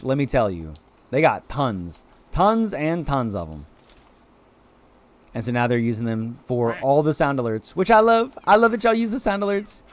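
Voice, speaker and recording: A man streaming a video game live, chatting excitedly to viewers and cheering on his creatures, with sudden high-pitched exclamations. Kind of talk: live gameplay commentary.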